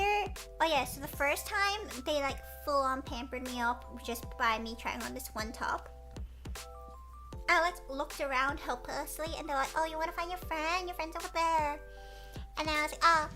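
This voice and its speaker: A woman streamer with a cutesy voice chats with her viewers and tells stories in a giggly, animated way. She speaks in a very high, bright tone at an unhurried pace. Faint music plays in the background. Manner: giggly, animated storytelling, squeals when excited. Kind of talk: casual chat.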